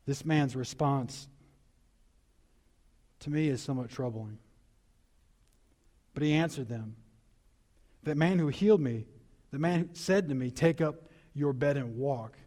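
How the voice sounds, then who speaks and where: A man preaching a sermon as pastor, animated and emphatic with conversational, reflective asides. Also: medium pitch, unhurried, long pauses.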